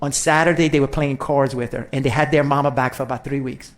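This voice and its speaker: Folksy male senator, quick. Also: medium pitch, steady tone. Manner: folksy storytelling. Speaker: state senator. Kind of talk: farewell speech to a legislature.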